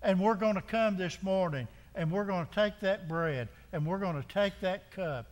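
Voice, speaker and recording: A man's voice: sits high, moderate pace, big-room sound. A man preaching a sermon as pastor, driving home his point with repeated rhetorical questions and frequent restarts. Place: church sanctuary.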